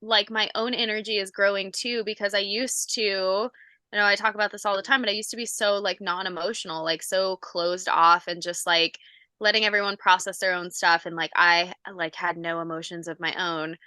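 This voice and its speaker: A woman co-hosting a podcast, telling stories in an animated, emotional way, full of "like" and laughter. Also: medium pitch, moderate pace, smooth, no room sound. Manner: animated, emotional, says "like" a lot, laughs often. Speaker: podcast co-host. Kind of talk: casual podcast chat.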